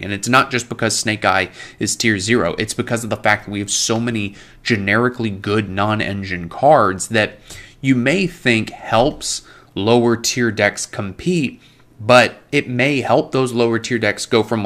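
A man hosting his channel, rambling and opinionated as he answers viewer comments, a little hoarse from losing his voice and clearing his throat. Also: lowish voice, a bit bright. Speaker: YouTube host. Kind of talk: casual commentary. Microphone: desk microphone.

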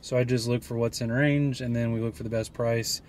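A man's voice: mid-range voice, fairly even intonation, brisk, a little mellow. Joking man chatting on a travel vlog. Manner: joking, playful teasing. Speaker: vlog host. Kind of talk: casual travel vlog chat.

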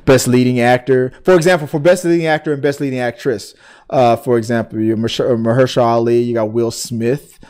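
A man's voice: medium pitch, steady tone, brisk, darkish tone, clear, resonant tone. A man from the United States co-hosting a casual talk show, rambling with many restarts. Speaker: podcast co-host. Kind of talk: casual chat.

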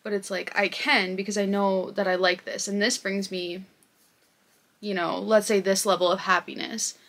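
A woman's voice: medium pitch, little pitch movement, normal speed, a bit bright. A young woman chatting casually in a home vlog while she crochets, rambling and self-deprecating, acting out her own thoughts. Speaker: crochet vlogger.

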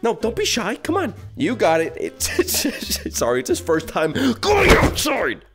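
A man's voice: high voice, huge pitch swings, a little slow, a bit bright, faint music behind. A man improvising a comedic dad role-play while playing a VR game, swinging between coaxing and panicked outbursts. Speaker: VR game streamer.

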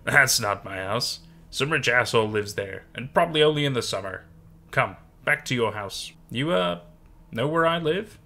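A tiny, bent old woman with a faint Dutch accent snaps and scolds, barking short orders, as a man puts her on. Her voice has a bright, sharp edge, and she sounds impatient and fierce. It belongs in a spoken horror story. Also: mid-range voice, expressive, normal speed. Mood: curt. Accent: Dutch-tinged.

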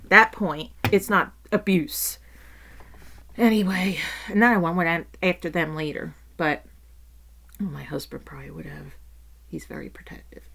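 A middle-aged woman vlogger tells a story as a casual rant, animated and swearing freely while acting out what people said. Her voice is fairly low and gravelly, and she speaks at a measured pace.

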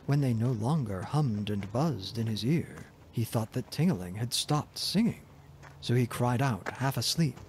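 A man narrating a fairy tale in a soft, gentle, expressive reading voice. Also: mid-range voice, moderate pace, hardly any pauses, slight background noise. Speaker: storyteller.

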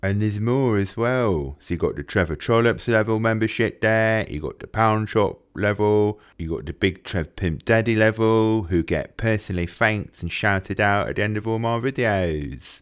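Cheeky low-voiced prank caller. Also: male voice, moderate pace, hardly any pauses, clear, resonant tone. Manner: cheeky, mock-serious trolling banter. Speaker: prank caller and channel host. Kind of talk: casual prank phone call and channel plug.

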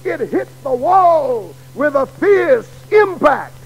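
A middle-aged man preaching a sermon in a dramatic way that builds to shouts, on an old radio broadcast. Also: very high-pitched, very animated, slow pace, vocal fry, poor audio.

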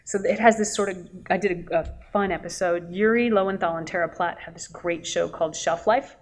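A woman voice actress speaking as a guest on a convention panel, telling animated stories and laughing often. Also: fairly low pitch, brisk. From Canada. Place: expo panel, indoors.

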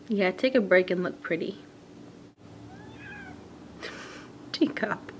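A woman's voice: fairly low pitch, slight background noise. A young woman vlogging casually, muttering to herself as she unboxes things and cooing at her cats. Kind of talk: casual vlog chat.

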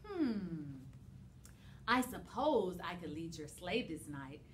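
A woman's voice: lowish voice, slow, slight background noise, pitched below the performer's own voice. A woman reading Mrs. Claus's lines in a storybook read-aloud, her own voice lightly shaped. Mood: thoughtful. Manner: excited. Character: warm cheerful Mrs. Claus, older woman.

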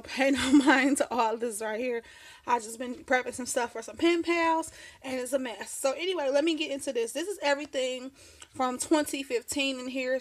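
High-voiced chatty woman vlogger. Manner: chatty, rambling, quick to laugh. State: slightly out of breath. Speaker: craft vlogger. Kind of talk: casual show-and-tell chat. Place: home craft desk.

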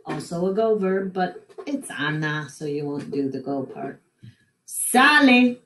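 A woman teaching a recorded Spanish lesson from home, slowly and deliberately drilling conjugations one by one. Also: low voice, animated, a bit bright, slight background noise. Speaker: high school Spanish teacher. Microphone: computer mic while screen recording.

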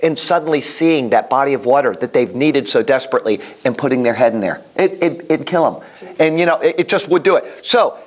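A man teaching a Bible class in a casual, animated way, telling stories and often restarting his sentences. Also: mid-range voice, brisk. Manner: animated, storytelling, repeats himself, many restarts.

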